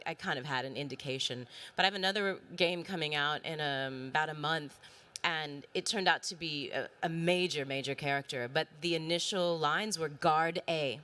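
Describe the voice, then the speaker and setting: Excitable woman with a deep voice. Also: normal speed. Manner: animated, excitable. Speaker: voice actress panelist. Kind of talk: casual panel chat. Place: conference panel stage.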